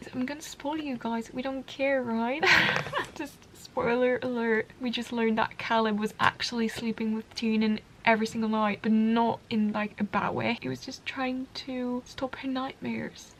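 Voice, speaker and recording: A woman chatting through a casual book vlog diary. Her voice sits a little high. She laughs often and slips into hushed whispers when her feelings run high. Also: a little hiss or hum. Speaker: book vlogger.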